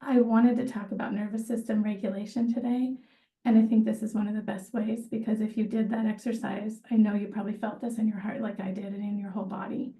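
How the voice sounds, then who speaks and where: A woman trauma therapist speaking on a video call, gently guiding a slow breathing meditation with pauses. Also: mid-range voice, little pitch movement. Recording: echoey room, far from the mic.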